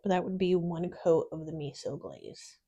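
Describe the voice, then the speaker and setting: A woman's voice: low-pitched, huge pitch swings, normal speed, creaky, mellow, slightly rough. A woman hosting a casual nail product unboxing, gushing with little exclamations and sometimes dropping into a whisper. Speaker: nail channel host. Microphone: phone.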